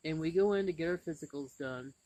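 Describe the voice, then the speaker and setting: A man hosting a casual chat, telling a story in an animated way and laughing often. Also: fairly high pitch, fast, no echo, low-quality recording. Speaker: channel host.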